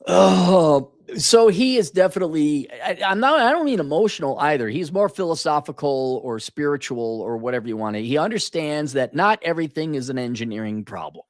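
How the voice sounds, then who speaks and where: A man's voice: on the high side, lively intonation, fairly quick, few pauses, dry recording, studio quality. An older man in a casual opinion monologue, blunt and profane, often acting out mocking quotes in a raised, exasperated voice. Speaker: commentator.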